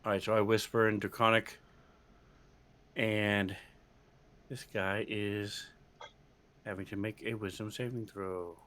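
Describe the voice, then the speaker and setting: A man with a somewhat low voice talks through his turn in a tabletop fantasy game. He describes his actions plainly and matter-of-factly. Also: little pitch movement, unhurried, pauses often, fairly bright tone. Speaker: player. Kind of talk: casual tabletop play.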